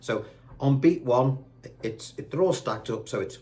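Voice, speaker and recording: A man teaching guitar with a chatty, patient manner, counting the beats out loud slowly while he plays. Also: mid-range voice, lively intonation. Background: guitar playing.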